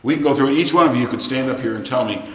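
A man's voice: medium pitch, racing, a bit bright. A middle-aged man preaching a sermon, telling a plain-spoken, folksy story. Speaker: pastor. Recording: echoey hall, long reverb.

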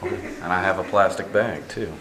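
A man's voice: normal speed, noisy background. A middle-aged American man preaching a sermon as a visiting preacher, rambling and self-deprecating, with many fillers and restarts. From United States. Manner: gets animated and high-pitched telling a funny story.

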